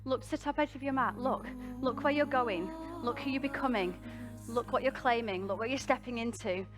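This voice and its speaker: British woman yoga teacher, rousing, high-ish voice, live class with faint music behind. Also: fairly quick. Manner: encouraging, laughs at herself, rousing. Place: live event venue, music playing.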